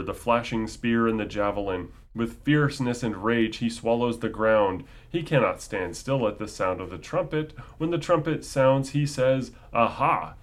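Lower-voiced man reading scripture aloud. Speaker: scripture reader and commentator.

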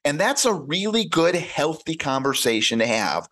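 A man's voice: on the high side, big pitch swings, moderate pace, hardly any pauses, a bit bright, dry recording. A man speaking as a podcast guest, giving earnest, conversational advice and acting out short exchanges to make his point. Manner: earnest, explains by acting out little dialogues.

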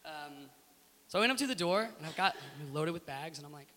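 A man from the United States telling stories in an interview, animated and emphatic. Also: a little high, quick pace. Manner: animated, emphatic, laughs through his story. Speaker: guest. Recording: echoey room with faint hiss.

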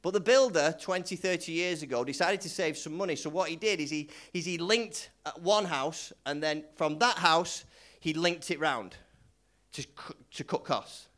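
A man's voice: on the high side, moderate pace, a bit bright. A male pastor preaching in a loose, conversational way, repeating himself and leading the congregation in call-and-response. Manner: conversational, repetitive, lots of restarts. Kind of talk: sermon.

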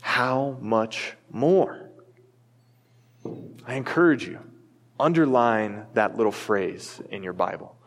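A man in his thirties preaching a sermon as a pastor, earnest and emphatic, telling a family story to make his point. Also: medium pitch. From United States. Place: church sanctuary. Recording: long reverb of a church hall.

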